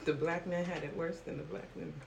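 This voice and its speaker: A woman's voice: lowish voice, fairly even intonation, quick pace, vocal fry, noisy background. A woman speaking as a guest in a casual group discussion, blunt and swearing freely. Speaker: podcast guest. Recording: echoey room.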